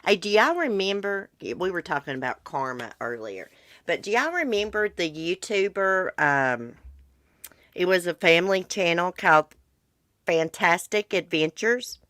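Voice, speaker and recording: A woman's voice: on the low side, very animated, measured pace, a bit bright, no echo, studio quality. A congested middle-aged woman, hosting a casual livestream chat in a blunt, chatty way. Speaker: livestream host. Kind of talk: casual chat about true crime with live viewers.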